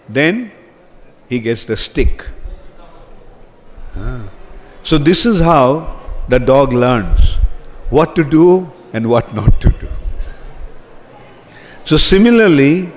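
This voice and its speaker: A man's voice: on the high side, expressive. A man giving a sermon as a spiritual teacher, asking his audience questions as he speaks. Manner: slow, asks the audience questions. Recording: long reverb from a hall, faint ambience.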